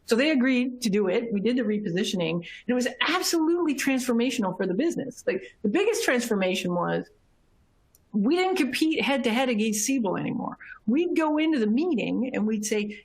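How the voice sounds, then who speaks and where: A middle-aged woman giving a conference keynote, telling a business story in a lively way, laughing often and acting out the people she quotes. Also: a little high, a little fast. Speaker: keynote speaker.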